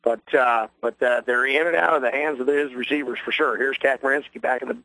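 Bright-voiced man calling a radio game. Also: medium pitch, steady tone, creaky, poor audio. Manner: folksy, rambling, quickens on big plays. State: losing his voice. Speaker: play-by-play announcer. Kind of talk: local radio sports commentary.

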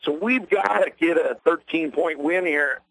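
A man doing play-by-play for a local radio broadcast of a ball game, folksy and rambling, quickening on big plays, with a voice worn from a long night. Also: fairly high pitch, creaky, fairly bright tone, breathy edge, poor audio. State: losing his voice. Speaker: play-by-play announcer. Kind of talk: local radio sports commentary.

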